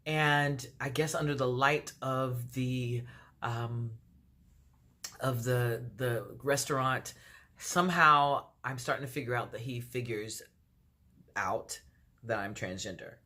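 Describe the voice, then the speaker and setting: Woman from dc doing a storytime vlog, bright crisp voice, plays out both sides of the convo, lots of "like" and "um". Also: extremely low pitch, slow pace. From Washington, D.C. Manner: animated retelling, acting out both sides of the dialogue with many fillers. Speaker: vlogger. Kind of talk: storytime monologue.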